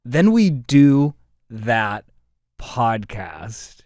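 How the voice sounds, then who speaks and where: A man's voice: mid-range voice, sing-song, very slow, a little mellow, no echo. Young guy cohosting a comedy podcast, rambly and stop-start, dry close mic. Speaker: podcast co-host. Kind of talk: casual comedic chat.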